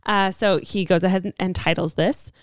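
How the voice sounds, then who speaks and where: A woman's voice: fairly low pitch, fairly even intonation, moderate pace, smooth, dry recording, studio quality. A woman co-hosting a podcast, chatting playfully, laughing often and reading listener letters aloud. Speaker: podcast co-host. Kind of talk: casual chat.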